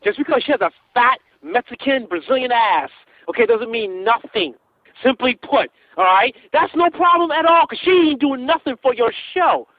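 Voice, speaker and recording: A man, calling in by phone and telling a long story in a casual, animated way, full of repeats and restarts. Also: extremely high pitch, normal speed, no echo. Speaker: caller. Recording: tinny phone line, dry.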